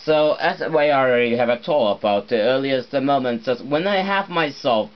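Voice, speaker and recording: A man talking alone in halting, non-native English, full of fillers and restarts. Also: mid-range voice, lively intonation, lo-fi sound. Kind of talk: rambling solo monologue.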